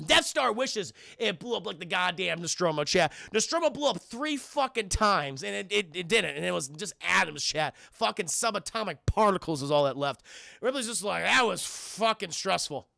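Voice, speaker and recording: A man gives a profane, animated film recap to his stream chat, in a high, bright voice. He has a heavy gravelly fry, and the recording is dry and close. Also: moderate pace, no room sound.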